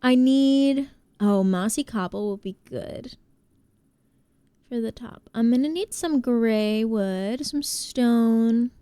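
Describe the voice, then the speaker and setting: A woman streamer talks casually while she plays, her voice sitting a little high. She chats loosely with her viewers, laughing easily and greeting people as they arrive. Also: takes it slowly, mellow, clear, resonant tone, no room sound. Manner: chatty, laughs often, greets chat. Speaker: livestreamer. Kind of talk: casual gaming stream chat.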